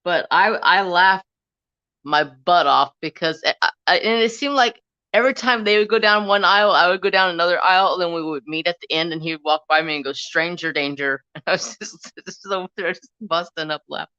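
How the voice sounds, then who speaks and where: A man's voice: sits high, a little fast, sharp tone, smooth, no room sound, dull audio. A man hosting a casual crafting live stream from his phone, telling stories in a laid-back way, swearing and laughing often. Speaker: livestream crafting host.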